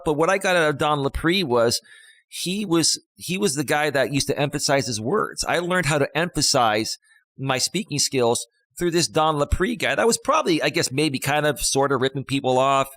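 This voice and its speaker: A man's voice: fairly high pitch, animated, normal speed, fairly bright tone, dry recording. A man in his fifties, a life coach hosting a live stream, talking casually in a rambling, emphatic way. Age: 50s. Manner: rambling, emphatic, with many fillers and restarts.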